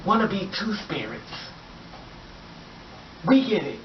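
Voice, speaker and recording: A woman's voice: on the low side, big pitch swings, unhurried, far from the mic, slight background noise. A woman vlogger delivering an angry, blunt, profane rant straight to her viewers. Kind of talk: impassioned rant to camera. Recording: echoey room, off mic, dull lo-fi sound.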